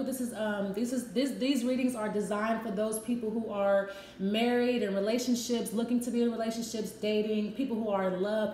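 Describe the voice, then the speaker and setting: A woman doing a casual tarot love reading talks in a chatty, repetitive way, tossing in frank and profane asides. Her voice is slightly high with a darkish tone, recorded in an echoey room with faint background noise.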